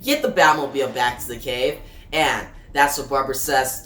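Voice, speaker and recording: Guy retelling a comic panel by panel, roomy echo, mid-pitch voice. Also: fairly even intonation, moderate pace, bright, forceful tone, a little hiss or hum. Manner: plain retelling, voices sound effects. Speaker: comic reviewer. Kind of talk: comic book recap narration. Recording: roomy echo, faint music.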